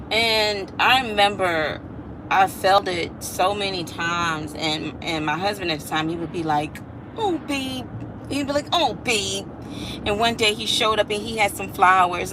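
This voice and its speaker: A woman's voice: mid-range voice, noisy background. A woman, talking casually and reflectively to her viewers, now and then singing a line. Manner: chatty, reflective, slips into singing. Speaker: vlogger. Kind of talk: casual talk to camera.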